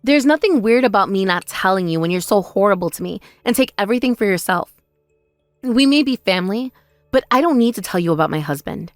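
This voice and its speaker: A woman plays a wronged older sister in a text-message story drama, calm and quietly sarcastic. Her voice sits at a middle pitch and stays measured. The recording is dry with soft music underneath. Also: no echo, close to an everyday voice. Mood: cold.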